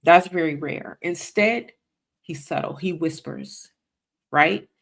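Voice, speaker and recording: A woman's voice: low voice, slow pace, creaky. A woman hosting a faith-based money podcast, teaching in an emphatic preaching style and often checking in with "right?". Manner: emphatic, repeats "right?" to the audience. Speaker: podcast host and Christian finance teacher.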